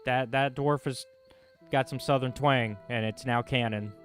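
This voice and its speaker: A man's voice: medium pitch, unhurried, faint music behind. A man giving casual, wry commentary while playing a game. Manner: relaxed, wry. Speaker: let's-play narrator.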